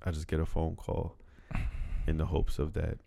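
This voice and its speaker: A man's voice: very deep voice, monotone, moderate pace, vocal fry, warm tone. A young man co-hosting a casual podcast, laid-back and joking, with sudden bursts of laughter. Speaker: podcast co-host. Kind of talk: casual chat.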